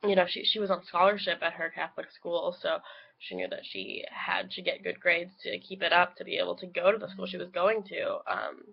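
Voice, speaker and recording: A woman's voice: on the low side, animated, fairly quick, creaky, slightly rough, lo-fi sound. A young woman, a student, talking through a casual video log with a sick voice, hesitant and full of ums. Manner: hesitant, many ums, soft trailing phrases.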